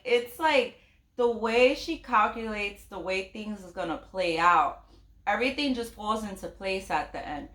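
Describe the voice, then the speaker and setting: A woman's voice: medium pitch, a bit bright, echoey room. A woman book vlogger chatting casually and emotionally about a novel she is reading, rambling with many fillers. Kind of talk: casual reading vlog chat.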